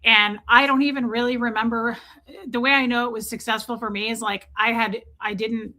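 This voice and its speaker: A woman's voice: on the high side, fairly even intonation, a little fast, sharp tone. A woman hosting a casual livestream, chatting and rambling while greeting viewers by name. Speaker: livestream host.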